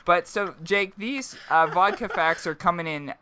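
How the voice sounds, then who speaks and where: A man's voice: sits high, unhurried, crowd noise. A man in his twenties co-hosting a casual podcast, joking through a mock ad read. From Pennsylvania, USA. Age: 20s. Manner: jokey, mock-announcer ad reads. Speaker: podcast co-host.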